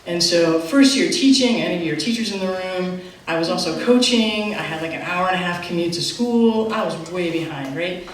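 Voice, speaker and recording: A middle-aged woman telling a live personal story on stage, animated and self-mocking, with quick asides. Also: fairly low pitch, slight background noise. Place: theater stage. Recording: echoey theater from far off.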